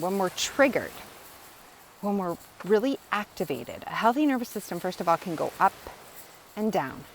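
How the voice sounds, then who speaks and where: A woman's voice: fairly low pitch, slight background noise, rough recording. A woman educator explaining in a casual, earnest teaching monologue, often repeating phrases and checking in with "right?". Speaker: wellness educator.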